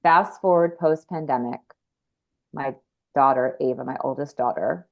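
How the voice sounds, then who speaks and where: Earnest woman in her forties as a rambling podcast guest, low voice, dull lo-fi audio. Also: normal speed, vocal fry. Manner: earnest, rambling, frequent restarts. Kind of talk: candid conversational storytelling.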